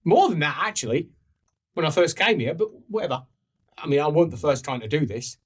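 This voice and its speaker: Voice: medium pitch, lively intonation, slightly rough. A game master doing a shifty scamming priest. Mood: evasive. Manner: quick, evasive and cagey.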